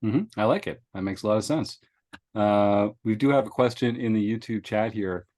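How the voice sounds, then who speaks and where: Man, podcast host, fairly low voice, friendly affirming manner, casual chat. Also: moderate pace, a little mellow. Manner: friendly, affirming, lots of mm-hmms.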